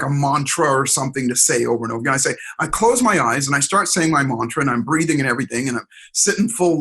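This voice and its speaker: A man telling stories in an interview, energetic and expressive, acting out the voices of people he quotes. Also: on the high side, slightly rough, low-quality recording. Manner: energetic, expressive, acts out dialogue. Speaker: guest, performance coach. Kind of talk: animated storytelling interview.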